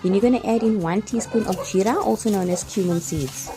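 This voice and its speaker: A woman's voice: mid-range voice, brisk. Chatty woman cooking. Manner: chatty, step-by-step instructions with light laughs. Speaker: cooking vlogger. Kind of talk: cooking tutorial voice-over. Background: background music.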